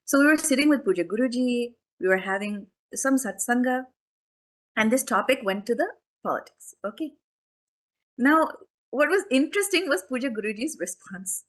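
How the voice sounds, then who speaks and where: A woman's voice: a little high, animated, moderate pace. A woman spiritual teacher giving a conversational discourse, full of questions and asides to her listeners. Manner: chatty, questioning, many asides to the audience. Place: temple hall.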